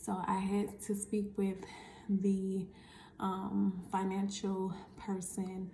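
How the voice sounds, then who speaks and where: A woman's voice: medium pitch, monotone, slow, vocal fry, dark tone, roomy sound, a little hiss or hum. A woman, chatting to camera in a casual vlog and acting out the conversations she tells about. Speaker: vlogger.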